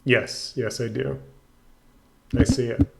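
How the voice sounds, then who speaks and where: A man co-hosting a casual gaming stream, giving low-key, deadpan short replies. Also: takes it slowly, vocal fry. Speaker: co-host and opponent on stream. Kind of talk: casual chat while gaming.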